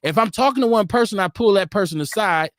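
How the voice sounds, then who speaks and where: Man, high-pitched, animated, argumentative, acts out quotes, dry close sound. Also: fast, dry recording. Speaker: podcast co-host. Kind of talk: heated casual debate. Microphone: remote stream.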